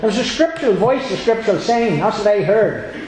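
A man with a high-pitched voice gives an earnest, rambling personal testimony at a church meeting, returning again and again to the same phrases. His voice rings with a strong echo, as if he is standing in a large meeting hall. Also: animated, brisk, a little mellow. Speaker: church member giving testimony. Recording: very echoey room.

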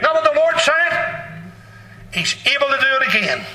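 A man preaches with fervent, blunt, folksy conviction and breaks into shouts. His voice sits very high and sounds sharp and bright. He is caught from a distance in a roomy, echoing hall. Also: big pitch swings, normal speed. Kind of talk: sermon. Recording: echoey hall, distant mic.

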